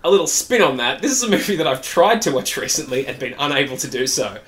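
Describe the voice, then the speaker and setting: Lively, rambling male podcast host. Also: fairly high pitch, quick pace. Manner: rambling storyteller, laughs, swears freely. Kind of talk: casual comedic chat.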